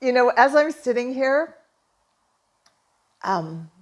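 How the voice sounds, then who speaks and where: A middle-aged Canadian woman, a holistic therapist and manifesting coach, tells a personal story with earnest, emotional enthusiasm. Her voice is high-pitched and animated, and she speaks at a slow pace.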